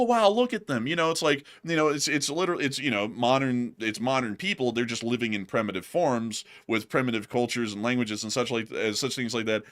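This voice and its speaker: A young man in loose livestream banter, his voice bright and a little tense. He rambles, restarts and breaks into laughter, tossing in playful put-on voices along the way. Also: mid-range voice. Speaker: co-host.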